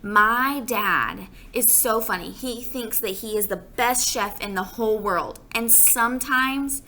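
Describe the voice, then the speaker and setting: A woman's voice: fairly high pitch, takes it slowly, pushed and bright, slight background noise. A woman reading a children's book aloud, adding chatty asides to her listeners. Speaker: storyteller.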